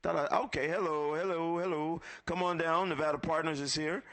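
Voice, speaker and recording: A man's voice: on the high side, steady tone, brisk, fairly bright tone. Man calling guests to the stage. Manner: upbeat, calls guests up one by one. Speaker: event emcee. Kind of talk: live event emcee, calling names. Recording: live event stream.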